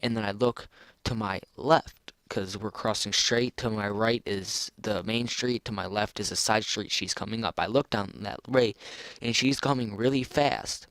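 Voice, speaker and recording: A man's voice: on the low side, normal speed, a bit bright, dry recording. A teenage boy telling a personal story in a rambling, casual way, full of restarts. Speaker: vlogger.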